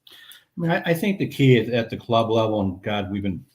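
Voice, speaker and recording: A man's voice: on the low side, animated, fairly quick, darkish tone. A man who leads a fishing club, talking earnestly in a casual chat, with many fillers. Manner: earnest, repeats "I mean" and "uh". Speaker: crappie club leader.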